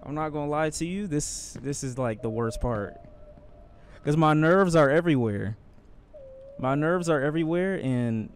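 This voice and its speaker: A man streaming a climbing game live, talking to himself under his breath and then yelling when he nearly falls. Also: on the high side, expressive, normal speed, clean tone. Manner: anxious, swings from muttering to shouting. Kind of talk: live gameplay commentary.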